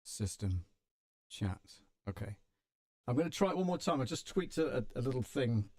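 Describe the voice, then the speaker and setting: A British man hosting a live stream, chatting in a relaxed, self-deprecating way. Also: mid-range voice, moderate pace, no echo, studio quality. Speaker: live-stream host and voiceover artist. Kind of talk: casual chat on a live stream.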